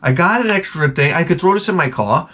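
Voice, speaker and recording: A middle-aged man telling stories in a casual vlog, profane and animated, ranting and acting out his own exasperated reactions. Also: fairly high pitch, a little fast, noisy background. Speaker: vlogger showing garage sale finds.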